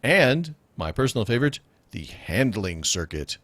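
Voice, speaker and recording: A man's voice: medium pitch, big pitch swings, moderate pace, a bit bright. A man hosting a casual radio show, joking and laughing often with rambling asides. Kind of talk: casual comedic podcast chat.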